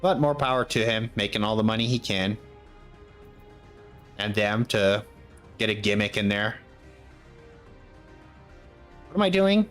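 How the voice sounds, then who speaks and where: A man's voice: fairly low pitch, expressive, moderate pace, long pauses, fairly bright tone, faint music behind. A young man streaming a game, muttering to himself and rambling with lots of fillers in casual commentary.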